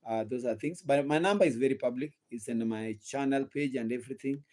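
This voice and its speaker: A man's voice: mid-range voice, brisk, darkish tone. A young man with a Kenyan accent hosting a gossip channel in casual live-stream commentary, asking the viewers rhetorical questions and repeating himself while sleepy and yawning. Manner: rhetorical questions to the audience, repetitive.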